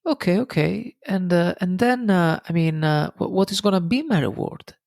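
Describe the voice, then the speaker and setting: A man voicing a calm, contented fisherman who keeps mildly asking questions with hesitant fillers. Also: sits high, normal speed, gravelly, no room sound, clean studio sound, pitched above the performer's own voice. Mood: calmly curious.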